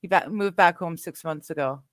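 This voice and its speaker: A woman's voice: on the low side, normal speed, no echo. A woman hosting a casual live stream chat, reading chat messages aloud and laughing easily. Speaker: stream host.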